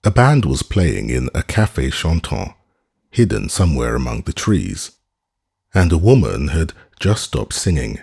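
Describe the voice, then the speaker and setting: Audiobook narrator, male, very deep and slightly husky voice, measured and expressive delivery. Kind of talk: scripted narration.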